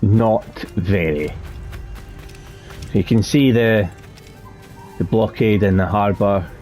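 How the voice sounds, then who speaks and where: A man's voice: lowish voice, slow pace, a little mellow, soft background music. A man hosting a let's play channel, talking over his gameplay in a chatty, rambling way that often corrects itself. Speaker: gaming channel host.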